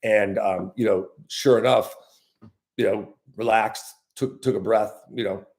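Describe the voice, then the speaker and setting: Rambling low-voiced fishing guide, young man. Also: fairly even intonation, a little slow, a little mellow. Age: young adult. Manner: rambling, with many fillers and restarts. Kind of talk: casual storytelling monologue.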